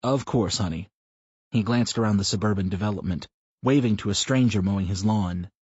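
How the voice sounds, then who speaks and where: A man narrating an audiobook in a steady, measured reading, in a slightly muffled recording. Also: on the low side, slightly rough, no echo. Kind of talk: scripted narration.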